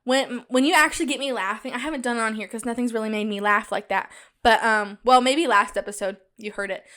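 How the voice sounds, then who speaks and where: A young woman with a high, bright voice hosts a casual solo podcast. She talks chattily and animatedly straight to her listeners. When something amuses her, she breaks into a loud, cackling laugh. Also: quick pace. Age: young adult. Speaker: podcast host.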